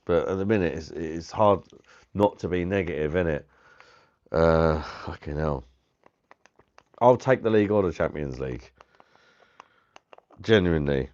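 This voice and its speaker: A man with a very low voice chats loosely with his live-stream viewers, greeting them by name, laughing and swearing as he goes. The sound is dull and lo-fi. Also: unhurried, pauses often, a little mellow. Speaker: live-stream host reviewing beer.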